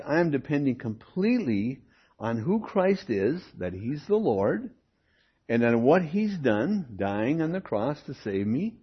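A man's voice: medium pitch, breathy edge. A man teaching the Bible in a classroom, explaining scripture verse by verse and stressing key words. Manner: lively, emphatic, rising on key words. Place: classroom with a board. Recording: dull lo-fi recording.

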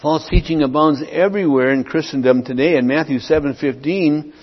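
Emphatic pastor in an echoing hall. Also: male voice, on the high side, fairly quick, slightly rough. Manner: emphatic, repeats points, checks in with "okay?". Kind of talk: expository sermon. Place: church sanctuary. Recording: dull lo-fi audio with long hall reverb.

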